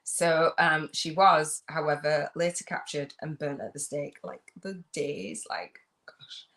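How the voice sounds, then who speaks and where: A chatty woman hosts a casual live stream, her voice sitting low for a woman. She reads aloud in halting stretches, stumbles and restarts, and breaks into laughter often. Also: steady tone, a bit bright. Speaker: host. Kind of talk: casual livestream chat.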